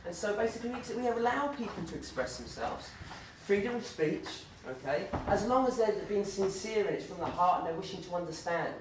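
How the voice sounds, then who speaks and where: Guy giving a chatty talk, lots of you knows, kinda high voice, echoey far-off room. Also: brisk, hardly any pauses, noisy background. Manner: animated, acts out voices in the stories, many fillers. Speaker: guest speaker at a campus talk. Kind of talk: informal lecture with humorous anecdotes. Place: university lecture room. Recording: very echoey room, distant mic.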